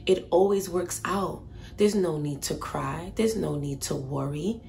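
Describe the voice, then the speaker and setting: A woman voicing a gentle parent comforting a crying child, speaking softly and reassuringly in a low, quiet voice. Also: measured pace, vocal fry, a little hiss or hum, full character voice. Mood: soothing. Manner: soft, hushed, reassuring.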